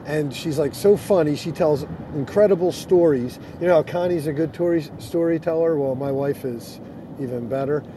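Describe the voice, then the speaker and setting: A middle-aged man, a pastor, chatting casually on earphones from inside a car, reading scripture slowly and then talking loosely with fillers. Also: fairly high pitch, mellow. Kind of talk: casual chat on a social audio app. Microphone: earphones with mic. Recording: clear car and road noise.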